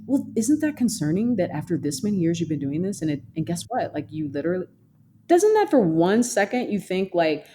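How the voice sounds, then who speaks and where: A woman's voice: lowish voice, big pitch swings, a little fast, warm tone. A woman therapist talking emphatically in a podcast interview, often mimicking other people's voices. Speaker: therapist and social worker guest.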